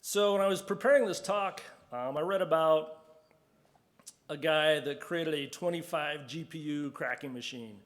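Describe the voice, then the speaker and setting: A man's voice: on the high side, normal speed. A man giving a casual conference talk, chatty and acting out quoted reactions in a conference hall. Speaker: conference speaker.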